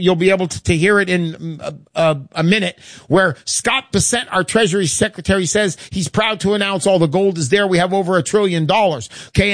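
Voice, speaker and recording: A man hosting a radio show, pushing a product in a brash, hard-selling voice that swings up and down in pitch. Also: no room sound, clean studio sound. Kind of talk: pushy sales pitch radio talk.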